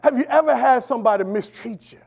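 A pastor preaches to his congregation in a strikingly high voice, leaning into call-and-response. He shifts from ringing proclamations to near-whispers, with relaxed church vernacular in his delivery. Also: fast, vocal fry. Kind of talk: sermon.

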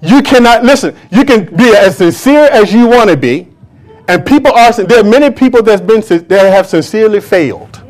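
A male pastor with a high-pitched voice preaching in church with fervent energy. He repeats his phrases for emphasis and keeps asking the congregation questions as he drives his points home. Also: expressive, brisk, darkish tone. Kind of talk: preaching a sermon.

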